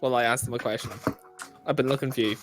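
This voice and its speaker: A man's voice: medium pitch, fairly even intonation, fast, soft background music. A man playing his character in a tabletop game, asking earnest questions. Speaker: player. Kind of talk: in-character play.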